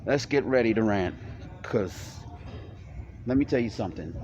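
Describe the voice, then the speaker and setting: A man ranting angrily in a vlog, profane, loud and repetitive. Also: fairly low pitch, expressive, normal speed, highs cut off, background noise. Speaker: toy vlogger.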